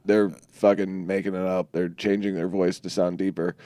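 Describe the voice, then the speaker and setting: A lower-voiced man co-hosting a loose podcast, tossing in short, dry and blunt quips with plenty of swearing. His voice is close and dead, with no room sound around it. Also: flat delivery, normal speed, warm tone, dry recording. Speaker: podcast co-host. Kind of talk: casual livestream chat.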